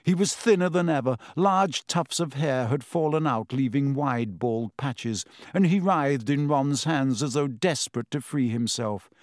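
A man reading a novel aloud at an unhurried, deliberate pace. His mid-pitched voice sits close and dry on a studio mic, steady and measured. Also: no echo. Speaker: audiobook narrator. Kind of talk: scripted narration.

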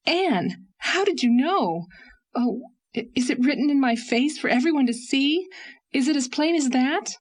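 A woman's voice: medium pitch, lively intonation, slow pace, pauses often, breathy edge, pitched above the performer's own voice, heavily acted. A woman reading an audiobook, voicing a passionate, restless young woman in anguish, with an emotional, pleading delivery. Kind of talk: audiobook character voice.

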